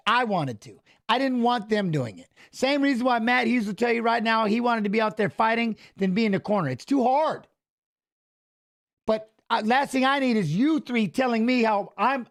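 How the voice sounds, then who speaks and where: A middle-aged man hosting a fight watch-along, talking casually in an animated, rambling way and often repeating his phrases. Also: high-pitched. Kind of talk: casual live fight commentary.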